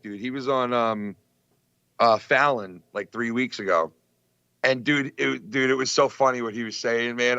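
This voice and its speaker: A man chatting casually on a podcast, telling stories in an excitable, profane way with lots of fillers. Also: mid-range voice, dry recording, dull audio. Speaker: podcast co-host. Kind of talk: casual chat.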